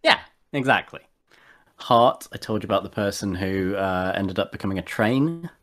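A man's voice: on the low side, lively intonation, normal speed, fairly bright tone. A man chatting casually as a podcast co-host and tabletop player, rambling with many fillers and restarts. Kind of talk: casual chat.

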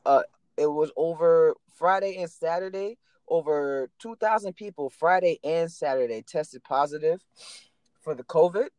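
A young man with a high, bright voice talks in a loose podcast hangout. He tells a story with animated energy, curses freely and breaks into laughter. His voice is close and dry, with no room sound. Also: moderate pace, no echo. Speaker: podcast co-host. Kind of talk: casual chat.

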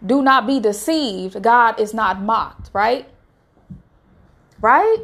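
A woman's voice: fairly high pitch, takes it slowly, creaky, a bit bright. A woman giving a casual devotional talk, earnest and exhorting like a preacher. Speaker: faith vlogger sharing a devotional message.

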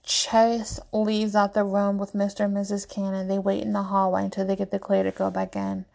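A woman reading a story aloud in an even, quick narration with small slips. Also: medium pitch, gravelly. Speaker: story reader. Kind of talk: reading fan fiction aloud.

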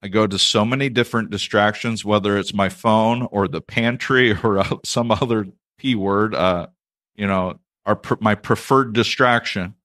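A man's voice: lowish voice, fairly even intonation, moderate pace, a bit bright. A man preaching a sermon, reading scripture aloud and breaking off into conversational, self-deprecating asides. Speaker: pastor.

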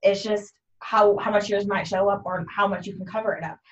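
Loud-talking, chatty woman. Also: mid-range voice, steady tone, fairly quick. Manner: loud talker, affirming, chatty. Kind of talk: casual conversation. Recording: dull, distant mic.

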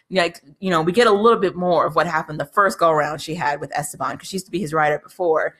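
Chatty woman recapping an episode, slightly low voice. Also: quick pace, hardly any pauses, fairly bright tone. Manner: chatty, profane, laughs often. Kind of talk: casual recap monologue.

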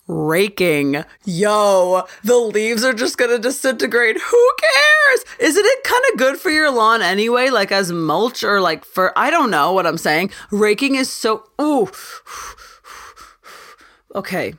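Animated young woman ranting on her podcast. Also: medium pitch. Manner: animated, ranting, self-interrupting with laughs. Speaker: podcast host. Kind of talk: casual solo podcast rant.

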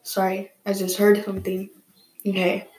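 Young woman hosting a casual podcast, mid-pitched, tells rambling stories and cusses freely, recorded in a roomy space. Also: normal speed. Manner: rambling, animated, swears freely. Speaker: podcast host. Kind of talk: casual storytelling.

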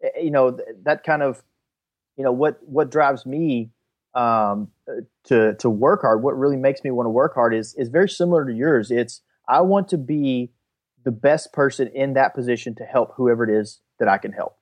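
A man's voice: medium pitch, normal speed. A man co-hosting a podcast, speaking in an earnest, reflective way in casual chat. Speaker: podcast co-host.

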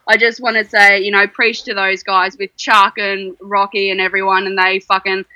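A performer playing a crude, excitable Australian woman calling into a show, with an Australian accent. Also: mid-range voice, moderate pace, no room sound, dull audio, lightly acted. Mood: brash. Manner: crude, swearing, giggly.

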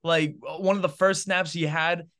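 At a measured pace and with a slightly high voice, a sports podcast co-host shares animated, opinionated takes on football, his casual chat thick with fillers like "bro" and "man."

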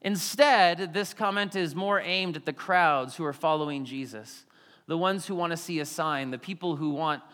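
A man preaching a sermon, animated, acting out quotes and questions. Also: fairly high pitch, normal speed. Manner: animated, acts out quotes in varied voices. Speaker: pastor. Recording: long hall reverb.

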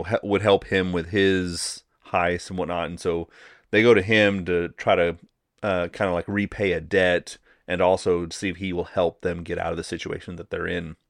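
A man with a very low voice retells a movie plot on a podcast. He rambles and fills pauses with "uh" and "like." The recording is dry and close. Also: no echo. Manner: rambling plot recaps with fillers. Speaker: podcast co-host. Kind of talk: casual movie review chat.

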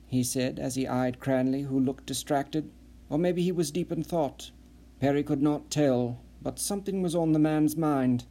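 A male audiobook narrator reading a novel aloud in a measured, even way. His voice is warm and mellow. Its pitch sits in an ordinary middle range. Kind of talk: scripted narration.

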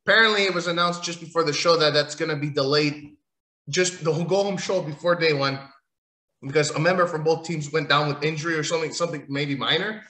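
A man's voice: a little high, bright, forceful tone. Sarcastic, swearing man in an echoey room. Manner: sarcastic, rambling, swears often. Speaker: wrestling show recapper. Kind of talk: casual profane rant recap.

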